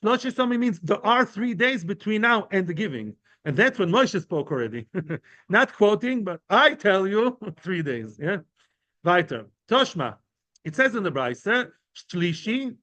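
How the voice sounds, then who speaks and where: Unhurried yet very animated, this teacher's voice sits high and sounds pushed and bright, with no room sound. He's giving a casual Talmud lesson to a class of men, explaining each term with everyday examples and often asking them "right?" and "yeah?".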